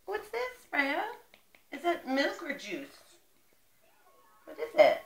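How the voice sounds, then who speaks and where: A woman's voice: high voice, huge pitch swings, slow, vocal fry, roomy sound. A woman reading a picture book aloud to a toddler in a coaxing, sing-song voice with exaggerated baby talk. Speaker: parent.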